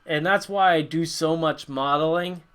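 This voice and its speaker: A man's voice: on the high side, normal speed, a bit bright, clear, resonant tone. A man from North America hosting a casual livestream Q&A, rambling with lots of fillers and frequent chuckles. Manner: rambling, laughs often, many fillers. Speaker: livestream host.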